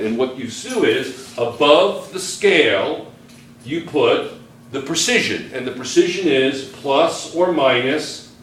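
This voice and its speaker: A man's voice: mid-range voice, fairly bright tone. A male chemistry teacher, giving a joking classroom lecture and constantly checking in with students.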